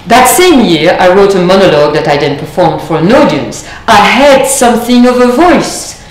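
A woman's voice: medium pitch, animated. Woman lecturing in an echoey room. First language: French. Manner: measured, thoughtful, with deliberate pauses. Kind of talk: reflective lecture. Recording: echoey room, faint background noise.

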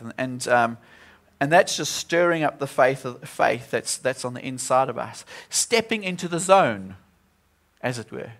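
A man's voice: mid-range voice, expressive, measured pace, a bit bright. A man preaching a sermon at a church service, earnest and often repeating himself as he restarts.

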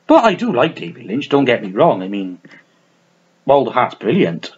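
A man talks unscripted to his camera from a small room at home, rambling, swearing freely and poking fun at himself. His voice is husky and swings widely in pitch. The home recording sounds dull and lo-fi. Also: sing-song, moderate pace, darkish tone. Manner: rambling, sweary, self-mocking, lots of restarts. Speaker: vlogger reviewing his film collection. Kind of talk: casual unscripted chat to camera.

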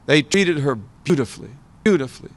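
A man's voice: a little high, sing-song, fairly quick. A man in his seventies from the United States, speaking to an audience as a guest scholar, reflective and repeating phrases for emphasis. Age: 70s. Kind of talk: informal talk to an audience.

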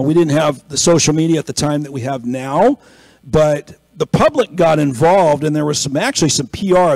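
Pastor with a somewhat high, dry voice. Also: male voice, vocal fry, a little mellow, no room sound, rough recording. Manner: storytelling, acting out quoted people, rising to emphatic exhortation. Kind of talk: conversational sermon.

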